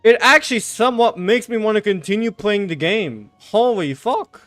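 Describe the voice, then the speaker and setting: A man streaming a game, giving casual commentary with sarcastic remarks, frequent swearing and excitable outbursts. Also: high-pitched, normal speed, no room sound, soft background music.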